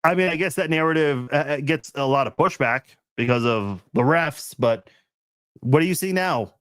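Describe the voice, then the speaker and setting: A man's voice: fairly high pitch, normal speed, a bit bright, smooth, dry recording. A man hosting a casual live-stream chat, reading viewers' comments in a rambling, laid-back way with frequent laughs, fillers and restarts.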